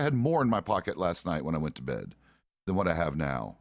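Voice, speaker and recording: Middle-aged male streamer, low voice with lively pitch swings, profane and cranky, casual gaming chat. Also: brisk, no room sound, clean studio sound. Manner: grumpy, profane, complaining. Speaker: game streamer.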